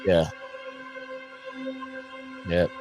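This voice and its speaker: Very slowly, an American man hosting his own show rants about politics with anger and profanity, music playing behind him. He often restarts and repeats himself emphatically, and the recording quality is low.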